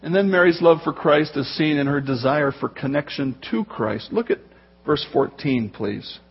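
A man preaching a sermon as pastor, telling the story in a lively way and acting out the voices in the quotes. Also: fairly high pitch, moderate pace, creaky, breathy edge, highs cut off.

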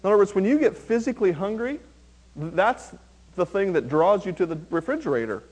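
A man preaching a sermon, animated and humorous, acting out little quotes as he goes. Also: sits high, brisk. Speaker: pastor.

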